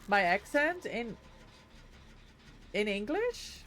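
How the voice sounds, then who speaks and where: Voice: medium pitch, very animated, slow, fairly bright tone. A streamer with a Dutch accent, a native Dutch speaker, chatting casually with viewers between game moves. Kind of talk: casual live-stream chat while gaming.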